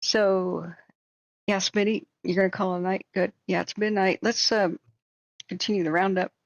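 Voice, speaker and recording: This woman, a wildfire-tracking live streamer, speaks casually and emphatically at a moderate pace, with a medium-pitched, slightly sore voice and fairly even intonation. She repeats words when starting sentences. Her home streaming setup produces a dry, lo-fi recording.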